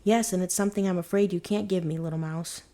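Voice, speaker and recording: A woman's voice: on the low side, steady tone, fast, warm tone, lightly acted. A woman doing an earnest young farm lad. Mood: doubtful. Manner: earnest, tender. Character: earnest, kind-hearted youngest brother, young man.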